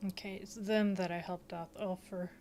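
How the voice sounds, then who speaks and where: A woman's voice: on the low side, fairly even intonation, normal speed, a little mellow, slight background noise. A woman streaming a game, muttering to herself and reading her dialogue choices aloud. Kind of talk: casual live game play with spoken choices.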